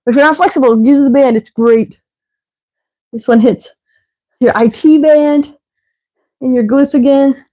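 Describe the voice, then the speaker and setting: Out of breath and winded between cues, a woman leading a live workout as a fitness instructor counts reps and calls out stretches. She has a high, mellow voice and speaks unhurriedly, pausing often, and the audio is poor.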